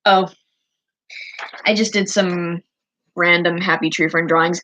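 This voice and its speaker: A woman's voice: on the low side, steady tone, unhurried, bright, forceful tone, lo-fi sound, a little hiss or hum. A woman streamer chatting casually as she shows her drawings, rambling and gushing over cute things. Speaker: streamer showing her artwork.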